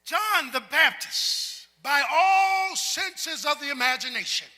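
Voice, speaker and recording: A man preaching a sermon as pastor, talking with the congregation and building up to shouts. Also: very high-pitched, expressive, slow. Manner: preacherly, call-and-response, climbs to shouts. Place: large church sanctuary. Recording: long hall reverb in a large sanctuary.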